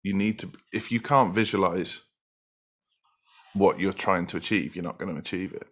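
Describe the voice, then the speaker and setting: A man's voice: sits low, steady tone, normal speed, fairly bright tone. A man hosting a podcast, talking in a reflective, agreeable way as he builds on his guest's points. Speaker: podcast host. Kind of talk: casual podcast conversation.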